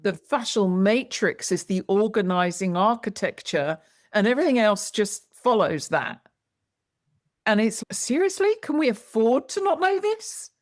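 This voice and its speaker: A woman guest educator in conversation, telling stories in a lively, expressive way. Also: mid-range voice, unhurried. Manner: lively, expressive, acts out quoted lines. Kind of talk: animated storytelling in conversation.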